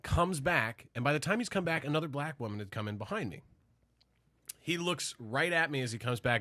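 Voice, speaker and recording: A man's voice: medium pitch, expressive, fairly quick, bright, forceful tone. A man telling a story on a casual podcast, acting out other people's voices and swearing freely. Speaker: podcast host.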